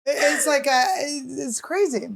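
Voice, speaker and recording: A young adult woman hosting a comedy podcast in a studio, joking fast and acting out quotes in casual chat. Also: high voice. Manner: quick, joking, acts out quotes. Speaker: podcast host.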